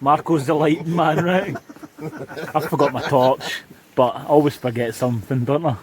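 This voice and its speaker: A man's voice: fairly high pitch, steady tone, moderate pace, crowd noise. Chatty Scottish man camping in the rain. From Scotland. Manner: chatty and jokey, playful outbursts. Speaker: vlogger. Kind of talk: casual camping vlog chat. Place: inside a hot tent in the rain.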